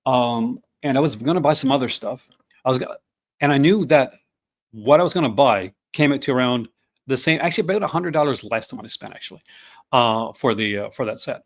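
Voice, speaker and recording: A man's voice: medium pitch, lively intonation, a little fast, vocal fry. A man in his fifties hosting a casual chat, rambling with many fillers and restarts. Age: 50s. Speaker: podcast host.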